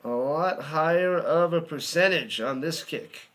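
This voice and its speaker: A man hosting a live watch party, giving excitable play-by-play commentary and chatting with viewers. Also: on the high side, unhurried. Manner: excitable, chatty, hums and sings to himself.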